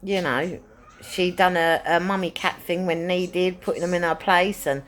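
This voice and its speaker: A chatty woman with a slightly low voice, talking casually to camera. She rambles warmly through her thoughts, repeating key phrases for emphasis and dropping in plenty of fillers. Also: measured pace. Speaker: pet owner and animal rescuer.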